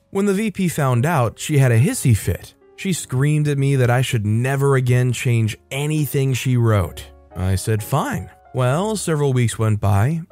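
A man narrating stories in a mid-range voice, steady and conversational. He talks to his audience between tales like a regular host. A faint music bed runs under him. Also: medium pitch. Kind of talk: scripted story narration.

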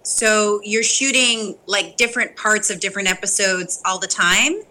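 A woman from New Jersey, an actress and podcast guest, telling lively stories in casual chat and acting out what people said. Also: mid-range voice, moderate pace, low-quality recording. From New Jersey, USA. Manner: animated storyteller, acts out quotes with laughter.

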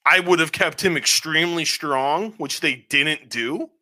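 A man co-hosting a podcast, giving a casual, rambling, animated review with plenty of swearing. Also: a little high, measured pace. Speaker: podcast co-host. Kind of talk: casual show review chat.

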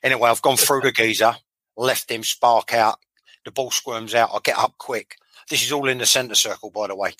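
A man's voice: mid-range voice, fairly even intonation, normal speed, bright, forceful tone, no echo, rough recording. A man, a former footballer telling blunt, sweary stories in a casual interview, often repeating himself.

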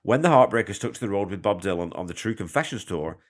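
A deep-voiced man hosts a music podcast and talks through an album track by track. His delivery is chatty and enthusiastic, and he wanders off into conversational asides. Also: lively intonation, fast. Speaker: podcast host. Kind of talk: casual music commentary.

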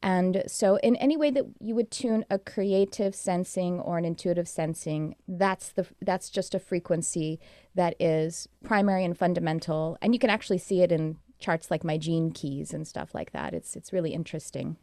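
Low, mellow-voiced woman guest. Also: moderate pace, no room sound, studio quality. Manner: earnest, rambling storyteller. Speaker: guest, animal communicator. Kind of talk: casual interview talk.

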